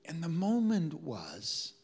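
Storytelling preacher with hushed dramatic turns. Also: male voice, on the high side, huge pitch swings, takes it slowly, husky. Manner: acts out quoted speech, drops to hushed tones then builds to loud emphatic preaching; drops in Malay travel words. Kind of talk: sermon storytelling.

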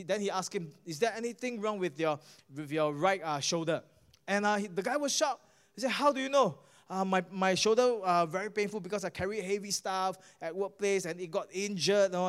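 A man's voice: high-pitched, clear, resonant tone. A male pastor with a Singaporean English accent, preaching a sermon and telling a healing story, often asking the crowd "guess what?" and stumbling over repeated words. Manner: animated preaching, asks the crowd "guess what?" and "all right?"; halting restarts and repeated words.

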